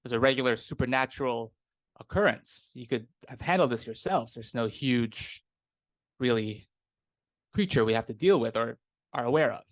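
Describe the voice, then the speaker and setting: A man's voice: medium pitch, normal speed, dry recording, lightly acted. A man voicing a formal, dutiful male retainer who speaks in a stiffly polite way.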